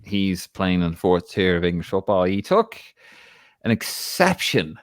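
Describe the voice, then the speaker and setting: A man's voice: sits low, big pitch swings, unhurried, dry recording, clean studio sound. An Irish man hosting a live football chat stream, steering the discussion and talking straight to viewers. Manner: hosting, addresses viewers directly. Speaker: podcast host.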